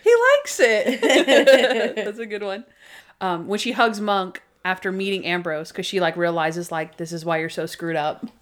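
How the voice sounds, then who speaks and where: A woman's voice: on the low side, little pitch movement, a bit bright. A woman co-hosting a casual podcast, chatting about favorite scenes from a TV show and acting out bits of dialogue as she goes. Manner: chatty, retells scenes with quick quoted voices and laughter. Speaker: podcast co-host. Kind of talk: casual chat recapping a TV show.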